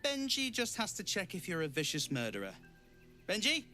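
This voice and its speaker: An actor playing a flattering, smooth-talking male circus barker in a video game. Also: high voice, normal speed, soft background music, exaggerated voice. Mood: showy. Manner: theatrical, flattering, sing-song announcing. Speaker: circus greeter.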